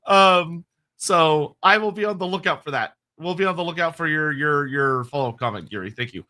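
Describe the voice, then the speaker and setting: High bright guy co-hosting a lore stream, rambles and restarts. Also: brisk. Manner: rambling, restarts, laughs often. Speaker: co-host answering chat questions. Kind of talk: casual livestream lore chat.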